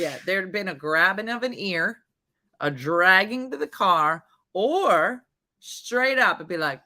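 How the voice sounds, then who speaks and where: Animated woman host telling a story. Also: medium pitch, moderate pace. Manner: animated storytelling, acts out quoted voices. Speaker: morning show host. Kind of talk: casual chat.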